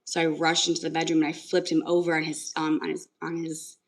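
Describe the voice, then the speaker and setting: Low-voiced woman chatting on a livestream. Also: completely flat delivery, fairly quick, low-quality recording. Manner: emotional, rambling retelling with many fillers. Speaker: livestream host. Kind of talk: casual livestream chat.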